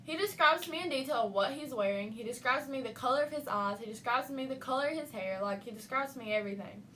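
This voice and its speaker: A woman's voice: high-pitched, fast. A young woman casually telling a spooky story about her nephew, acting out his lines. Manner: animated, acts out a child's lines. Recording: faint noise, voice from a distance.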